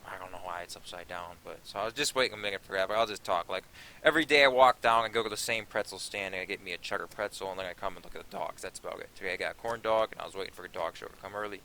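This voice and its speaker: A young man talks over his own video footage in a loose, rambling way, swearing often and wandering from point to point. His voice is very bright and a little low in pitch, with a faint hiss behind it. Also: very fast. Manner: profane, rambling and offhand. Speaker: vlogger. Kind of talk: casual vlog narration.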